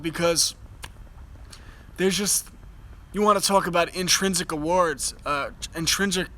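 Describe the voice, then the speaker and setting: A man's voice: a little high, bright, forceful tone, poor audio. A young man speaking live from outdoors by a fire, earnest and enthusiastic, often restarting his sentences. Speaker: host. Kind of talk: casual live chat.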